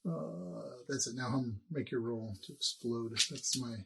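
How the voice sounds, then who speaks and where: A man's voice: mid-range voice, a little slow, vocal fry, slightly rough. A man running a tabletop game as game master, casual and wry, thinking aloud through combat. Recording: binaural mic, faint background noise.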